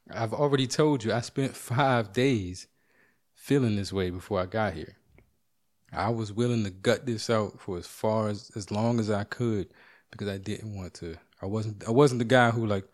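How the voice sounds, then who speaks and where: At home, a middle-aged man tells a story in a loose, casual monologue, swearing and acting out what other people said. He's animated, and his voice sits on the low side.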